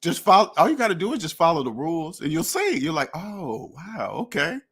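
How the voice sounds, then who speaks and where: A man's voice: a little high, big pitch swings, fast talker, fairly bright tone, breathy edge. Blunt, preachy man talking money. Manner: blunt, preachy, acts out imagined dialogues; profane. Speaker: finance podcast host. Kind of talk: casual monologue.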